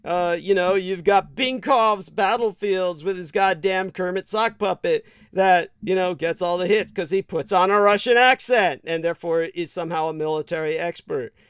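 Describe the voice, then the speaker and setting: Profane, scornful man with a high voice. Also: normal speed, few pauses, a bit bright, smooth, dry recording, clean studio sound. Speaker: livestream host. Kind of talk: commentary reading quotes aloud.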